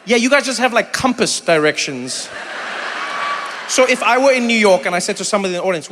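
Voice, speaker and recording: Working the room at a large live venue, a South African stand-up comic speaks in a bright, high voice. Animated stories, audience chat, and snappy impressions of others fill his set, trailed by long reverb over faint room noise.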